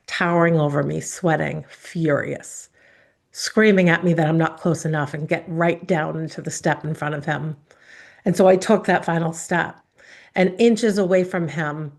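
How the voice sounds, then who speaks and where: A woman giving an earnest, emotional speech built around her own life story, with dramatic pauses. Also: on the low side, a little mellow. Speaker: speaker.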